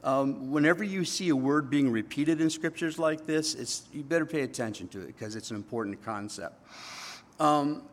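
A man preaching a sermon to his congregation. His voice sits at an ordinary middle pitch, and he teaches scripture in an animated, conversational way, often asking the listeners to agree. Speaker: pastor.

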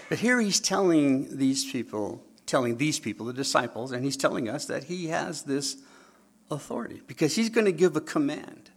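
A man's voice: mid-range voice, creaky, slightly rough. A man preaching a sermon, who tells stories, acts out dialogue and keeps asking his listeners questions. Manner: animated storytelling, acts out dialogue, asks the audience questions.

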